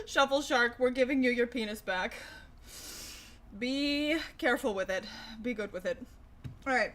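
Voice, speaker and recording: Sarcastic young woman livestreamer, fairly high voice. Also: moderate pace, long pauses, fairly bright tone. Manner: sarcastic, profane, laughs often. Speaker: livestream host. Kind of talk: casual livestream chat reacting to news.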